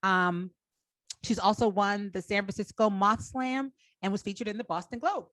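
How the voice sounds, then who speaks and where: A woman's voice: medium pitch, steady tone, normal speed, a bit bright, no room sound, rough recording. Woman host reading a comic's credits. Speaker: comedy competition host. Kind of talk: introducing comedians.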